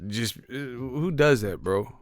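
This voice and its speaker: A man's voice: medium pitch, takes it slowly, dry recording. A man ranting in boxing commentary, brash, combative and profane.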